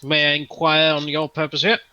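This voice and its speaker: A stern army captain from the old British Army, as a man plays him asks questions in a clipped, formal manner. His voice has a bright, forceful edge, and he sounds wary of strangers. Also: on the high side, completely flat delivery, a little fast, no room sound, dull audio.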